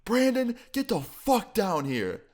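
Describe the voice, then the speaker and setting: A man's voice: medium pitch, lively intonation, fairly quick, close to an everyday voice. A man voicing an angry, suspicious middle-aged father who interrogates and swears at teenagers. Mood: furious.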